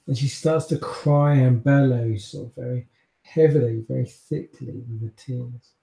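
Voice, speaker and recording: Slow, dark-voiced man running the game. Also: medium pitch, creaky. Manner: slow, deliberate storytelling. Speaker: game master. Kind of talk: narrating a tabletop game. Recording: echoey room.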